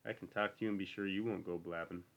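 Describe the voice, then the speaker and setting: A man's voice: low voice, fairly even intonation, fast, fairly bright tone, highs cut off. A man reading the part of a lonely, bitter older stable hand who talks in a brooding, needling rural drawl.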